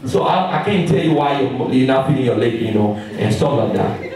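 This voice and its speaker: A man preaching a storytelling sermon, animated and calling out to his congregation from the pulpit. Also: medium pitch, a little fast. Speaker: pastor. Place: large church hall. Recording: echoey hall, mic far off.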